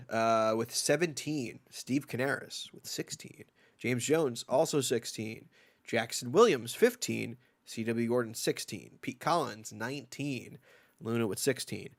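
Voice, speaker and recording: A man co-hosting a casual live comics stream. He teases his co-host and reads through lists of viewer numbers in an even, chatty way. His voice sits at a middle pitch. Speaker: podcast co-host.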